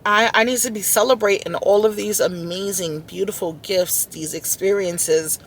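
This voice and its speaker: A woman's voice: medium pitch, steady tone, moderate pace, slight background noise. Earnest, emotional woman vlogging. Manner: emotional, earnest, repeats words. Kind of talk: heartfelt self-talk vlog. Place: inside a car.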